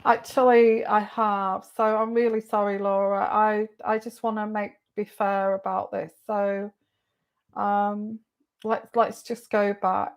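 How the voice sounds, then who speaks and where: A woman's voice: medium pitch, level tone, slow pace. A woman doing a live-stream tarot reading. She greets viewers by name and repeats their questions aloud in a chatty way. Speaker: tarot reader.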